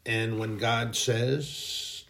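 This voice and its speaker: A man's voice: mid-range voice, fairly even intonation, drawn-out words, creaky, a bit bright. A man preaching an informal sermon in a folksy, emphatic way, now and then mocking people in a put-on voice.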